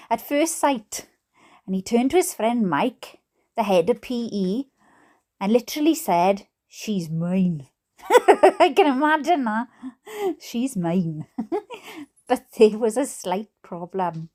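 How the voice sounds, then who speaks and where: Slow, lilting Welsh woman reading aloud. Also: mid-range voice. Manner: warm, giggly, chatty asides. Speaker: book reader. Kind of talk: reading a book aloud with chatty asides.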